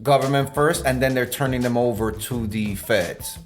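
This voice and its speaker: A man's voice: medium pitch, normal speed, soft background music. A man co-hosting a casual podcast, talking through the week's political news with a rambling, joking delivery and lots of fillers. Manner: rambling, joking, breaks into laughter, mock newscaster bits. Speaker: podcast co-host. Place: room with blue lighting.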